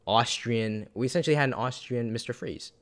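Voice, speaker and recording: A man co-hosting a podcast, rambling and animated in casual chat, swearing now and then. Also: medium pitch, brisk. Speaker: podcast co-host.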